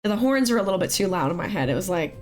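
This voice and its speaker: A woman with a hoarse voice after an illness, hosting a casual live art class and greeting chat in a sing-song way. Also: medium pitch, sing-song, rapid-fire. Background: soft music.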